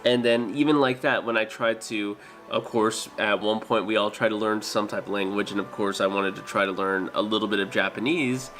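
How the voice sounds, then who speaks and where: A man's voice: fairly low pitch, steady tone, a little fast, few pauses, fairly bright tone, soft background music. A man chatting casually with his stream viewers, hesitant and full of fillers and restarts. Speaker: streamer and dental worker.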